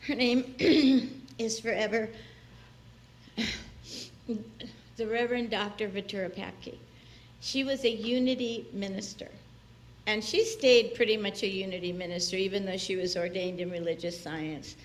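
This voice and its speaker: Standing in the church sanctuary, this woman guest minister delivers a conversational sermon in an unhurried, steady, medium-pitched voice with frequent pauses. She laughs a lot and impersonates those she quotes, with slight hiss or hum in the recording.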